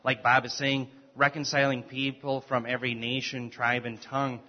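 A man adds a measured comment in a Bible class discussion, backing it with a scripture reference. He speaks in a flat, even tone at a middling pitch, and the recording is muffled. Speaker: class participant.

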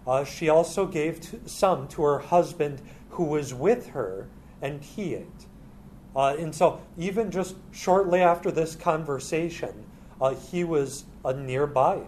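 A man teaching through a Bible passage in a halting way, with many filler sounds. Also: a little high, darkish tone, a little hiss or hum.

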